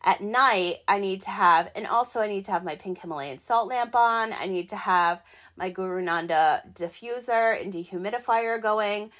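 Chatty, excitable woman podcast host. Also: medium pitch, normal speed. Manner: chatty, excitable, rambling with many fillers. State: hiccups. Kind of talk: casual solo podcast talk.

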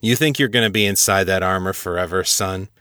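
A man playing a blunt older military colonel, commanding, profane, low voice, dry sound. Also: fairly quick, bright, forceful tone, no echo. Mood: stern. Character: gruff blunt older male Air Force colonel.

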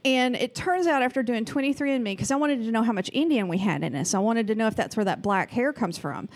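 A woman with a Southern US accent talks in a fairly high voice. She chats easily and tells stories at a lively, conversational pace. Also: fast. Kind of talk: casual chat.

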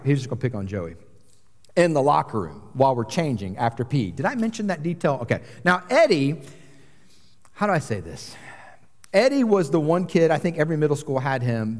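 A man's voice: medium pitch, darkish tone. A man in his forties giving a sermon, telling a personal story in a conversational way with frequent asides. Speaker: pastor. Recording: long hall reverb.

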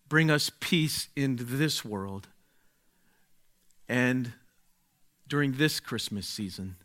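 A man preaching a sermon, speaking slowly and deliberately, dropping to a hush and then rising to exclaim. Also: mid-range voice. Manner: slow, deliberate, swings from hushed to exclaiming.

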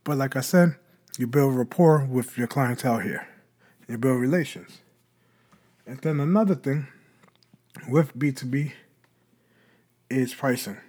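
A man's voice: medium pitch, unhurried, pauses often, a little mellow, husky. A man hosting a podcast, explaining in a casual talk and answering his own rhetorical questions. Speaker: podcast host.

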